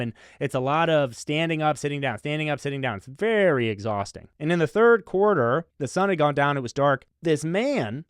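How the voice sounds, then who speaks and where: A man hosting a comedy podcast, telling a rambling story with deadpan, mock-serious asides. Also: medium pitch, clean tone, no echo, studio quality. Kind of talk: comic storytelling.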